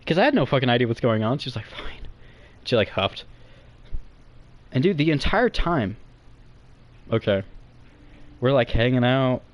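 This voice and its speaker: A young man telling a comic story to friends in a rambling, profane, excitable way. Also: mid-range voice, normal speed, long pauses.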